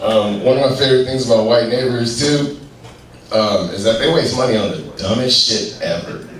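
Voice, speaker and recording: A man's voice: mid-range voice, normal speed. A man from Colorado performing a loose stand-up comedy set, acting out characters as he tells stories. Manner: loose, storytelling with acted-out characters. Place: live venue with audience. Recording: roomy, distant live recording, faint noise.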